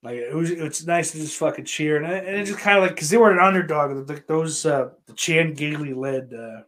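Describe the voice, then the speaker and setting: A man's voice: a little high, moderate pace, a bit bright. A man from Western New York, a streamer chatting casually and answering viewer questions in a rambling, profane, self-interrupting way.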